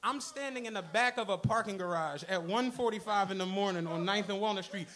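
High, bright-voiced storyteller man. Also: fairly quick. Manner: animated, laughing, slangy, acts out other people's lines. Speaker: podcast host. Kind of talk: comic storytelling at a live show. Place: comedy club stage.

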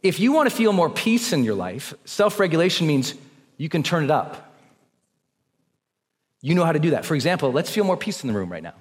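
A man giving an energetic, coaching motivational talk to a live audience and leading them through breathing exercises. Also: on the high side, a little fast, long pauses. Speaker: motivational speaker. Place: large hall with a live audience. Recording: long reverb of a large hall.

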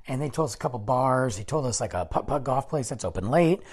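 A man in casual storytelling mode, his pitch swinging up and down as he rambles through an anecdote. He backtracks and corrects himself, then slips into quick acted-out bits of dialogue. Loose, chatty vlog delivery. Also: husky. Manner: animated, rambling, self-correcting, acts out quoted dialogue. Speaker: vlogger telling a story.

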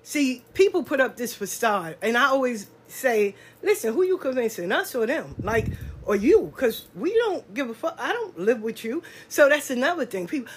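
A woman who reads cards, telling stories in a loud, animated, profane monologue. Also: sits high, moderate pace. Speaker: spiritual card reader. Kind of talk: casual storytelling monologue.

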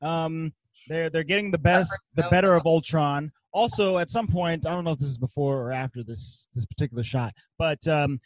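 A man's voice: fairly high pitch, normal speed, no echo, poor audio. Upbeat man recapping a movie. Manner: recounts plot with hums and giggles. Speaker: podcast co-host. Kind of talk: casual movie recap chat.

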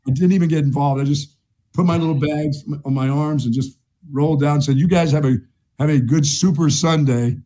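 A man's voice: a little high, steady tone, a little fast, warm tone. A middle-aged man co-hosting a sports talk show, telling a long story in a chatty way, repeating himself and laughing at his own tale. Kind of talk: casual sports chat, storytelling.

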